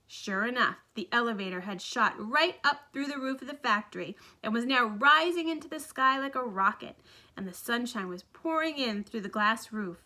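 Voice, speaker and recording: A woman reads a children's storybook aloud, lively and expressive. Her voice is bright and somewhat high, giving the narration a clear, ringing lift. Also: moderate pace. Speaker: storybook reader.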